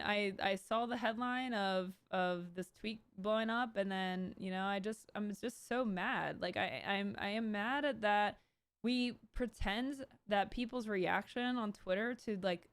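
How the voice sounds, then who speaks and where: A woman's voice: medium pitch, clean tone, dry recording. Thirty-something streamer lady ranting to chat, rambly, exasperated, lots of restarts. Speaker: Twitch streamer hosting her own stream. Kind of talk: casual livestream commentary.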